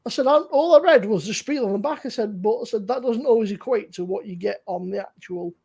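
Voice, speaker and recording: Gravelly, husky man chatting about beer. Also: high voice, brisk, darkish tone. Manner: swearing, storytelling, laughing. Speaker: beer-review streamer. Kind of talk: casual chat.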